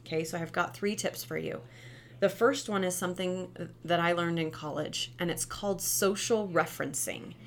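A woman in her thirties, a former teacher and mom, giving parenting tips in casual talk, tagging "right?" onto her points and jumping up high when she acts out cheerful reactions. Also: vocal fry, slight background noise. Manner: chatty, lots of "right?" and "like". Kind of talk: casual advice talk to camera.

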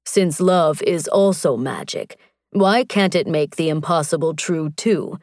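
A woman voicing an earnest, tender barbarian warrior man, speaking slowly and gently. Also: fairly low pitch, no room sound, studio quality, lightly acted.

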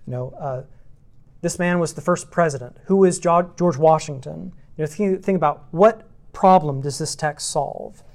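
A man's voice: a little high, moderate pace. A man teaching a church class on meditating on scripture, working through numbered points and repeating rhetorical questions. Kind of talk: teaching sermon.

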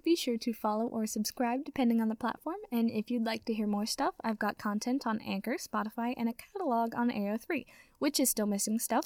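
A woman's voice: a little high, a little mellow, dry recording. A woman reading fan fiction aloud into a close mic, then chatting informally and gushing to listeners. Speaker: audiobook narrator.

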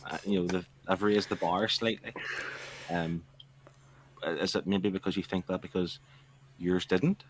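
Male co-host with a low voice, ribbing and halting delivery. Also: fairly even intonation, a little hiss or hum. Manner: teasing, halting with restarts. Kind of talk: casual podcast chat.

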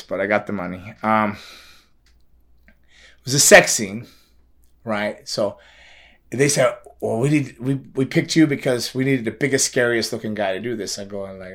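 A man's voice: lowish voice, a bit bright. A man telling a long, rambling story in casual conversation, often repeating words and laughing. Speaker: guest telling a film extra story.

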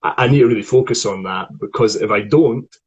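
Scottish male voice coach, husky, conversational teaching tone, lots of restarts. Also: lowish voice, fairly quick, rough recording. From Scotland. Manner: chatty, explanatory, frequent restarts. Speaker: acting voice coach. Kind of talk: online acting lesson conversation.

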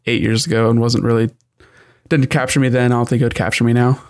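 A man co-hosting a casual gaming podcast, talking in a relaxed, rambling way full of "like" and "I mean". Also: medium pitch, fast talker. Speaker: podcast co-host.

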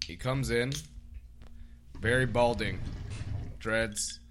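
A man's voice: mid-range voice, steady tone, takes it slowly, a bit bright, a little hiss or hum. A man, a bartender, telling a workplace story in a laid-back podcast chat, sprinkled with "literally" and "like".

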